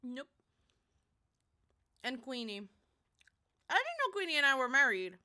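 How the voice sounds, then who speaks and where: Bright, crisp-voiced young woman streamer. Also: sits high, huge pitch swings, unhurried. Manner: chatty and rambling, talks to chat. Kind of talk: casual live-stream chat.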